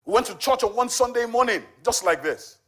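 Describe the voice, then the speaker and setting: A charity volunteer in his forties speaks a little fast in a very high, somewhat bright, expressive voice. His church testimony is conversational storytelling, peppered with fillers like "you know."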